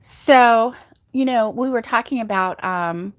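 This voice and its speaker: A woman's voice: fairly high pitch, takes it slowly, no echo. A woman hosting a casual crochet livestream, telling corny jokes, laughing at her own puns and reading out viewer comments.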